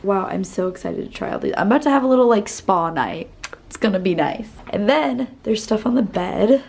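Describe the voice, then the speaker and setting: A woman's voice: medium pitch, expressive, a little fast, creaky, darkish tone, slightly rough. A young woman vlogging casually from a hotel room while sick and a bit stuffy, chatty and full of "like". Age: young adult. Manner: chatty, says "like" a lot. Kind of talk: casual vlog chat. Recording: music playing under the voice.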